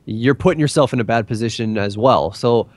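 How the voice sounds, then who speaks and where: A man on a gaming podcast panel, adding his own points in measured casual chat. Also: medium pitch, darkish tone, no echo.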